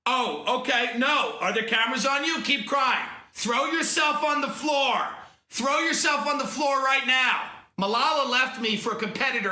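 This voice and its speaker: A brash, profane man with a high, very bright voice tears through a comedy monologue. The sound is roomy and echoey. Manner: brash, profane, fast-talking. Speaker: comedian playing a talent agent.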